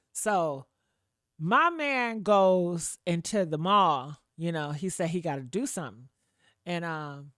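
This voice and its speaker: Animated, profane woman storyteller, dry room. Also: medium pitch, no room sound. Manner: animated and profane, acts out quotes, laughs often. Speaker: online show host. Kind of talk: storytime commentary to live viewers.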